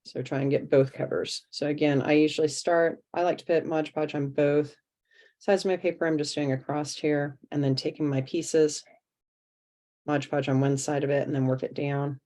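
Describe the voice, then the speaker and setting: Low, steady and warm, this woman's voice keeps a moderate pace as she teaches an online craft workshop. The art teacher talks casually over the video call, walking everyone through each step as she goes.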